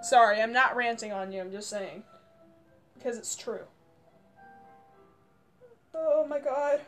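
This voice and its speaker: A young woman commenting on her gameplay, panicking and yelling, her voice strained hoarse from screaming. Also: fairly high pitch, takes it slowly, faint music behind. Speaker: gamer.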